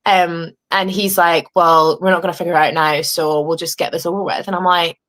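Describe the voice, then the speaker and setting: A young woman with an English accent, a reality show contestant telling her story at home in a casual interview, animated and swearing as she acts out what others said. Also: lowish voice, fairly quick. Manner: animated, swearing, acting out quoted dialogue.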